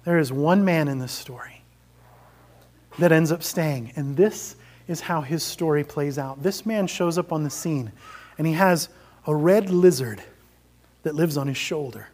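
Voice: mid-range voice, measured pace, darkish tone. A preacher giving a sermon, retelling a story and exhorting the congregation. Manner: earnest, exhorting.

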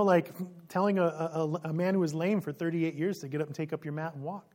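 A preacher giving an expository sermon in a lively way, asking the listeners questions and laughing now and then. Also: medium pitch, brisk, few pauses.

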